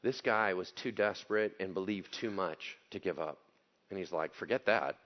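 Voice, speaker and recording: A male pastor preaching a conversational sermon, animated and joking. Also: sits low, moderate pace, highs cut off. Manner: animated, joking, acts out quotes.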